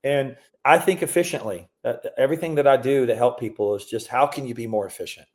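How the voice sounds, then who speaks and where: A man's voice: medium pitch, fast talker, darkish tone. A man guest on an interview podcast, telling his business story in a blunt, emphatic way and giving advice.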